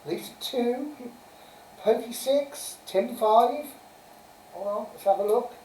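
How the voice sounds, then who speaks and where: A woman hosts a homespun live-stream pub quiz night, chatting, giggling between answers, and reading out answers and scores. Her mellow, fairly high voice moves at a slow pace in an echoey room, captured from a distance with a little hiss or hum.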